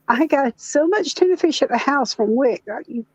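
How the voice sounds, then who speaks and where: Older woman, high voice, slow folksy storyteller, muffled dry audio. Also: lively intonation, a little mellow, no echo. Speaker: chat participant. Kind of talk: casual chat, storytelling. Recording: dull, muffled sound.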